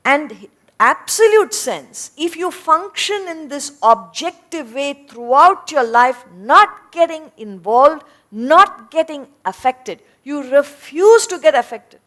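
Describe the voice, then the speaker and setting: A woman giving a lecture on scripture, explaining ideas point by point in a deliberate way. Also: high voice, lively intonation, fairly bright tone. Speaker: spiritual teacher. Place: lecture hall before an audience.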